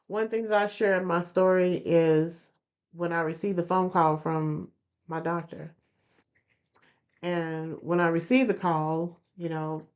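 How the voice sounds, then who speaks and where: On a dull, lo-fi recording, a podcast host talks earnestly to her audience in a motivational vein. Her voice sits low with a darkish tone, and she repeats phrases for emphasis.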